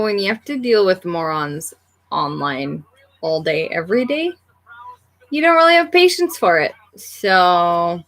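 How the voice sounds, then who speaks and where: A woman's voice: mid-range voice, a bit bright, low-quality recording. Blunt, sarcastic woman co-host. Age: adult with children. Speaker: livestream co-host reading viewer messages. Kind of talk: casual livestream chat.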